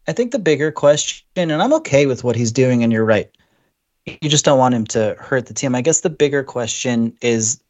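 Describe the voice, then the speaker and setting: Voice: medium pitch, expressive, normal speed, a little mellow, muffled recording. A podcast co-host chatting casually about basketball with playful, joking asides. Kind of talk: casual sports podcast chat.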